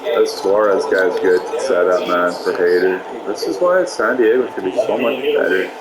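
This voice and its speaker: A man's voice: deep voice, moderate pace, over a noisy crowd, rough recording. A man giving casual, profane commentary while playing a baseball video game, ranting and getting heated over calls.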